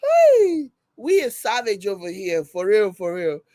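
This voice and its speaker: Hosting a relaxed live stream, this Nigerian-accented woman reacts to a video and reads the live chat out loud, laughing often. She speaks at a measured pace in a warm, mid-range voice whose pitch swoops wildly. The audio has no echo.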